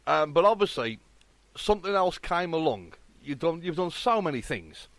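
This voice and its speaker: A male radio host speaks eagerly and heaps praise on his guest, often restarting mid-sentence. His voice sits a little high for a man. The recording is dry and close. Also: sing-song, fairly bright tone, no room sound. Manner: enthusiastic, full of praise, halting restarts. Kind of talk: casual interview.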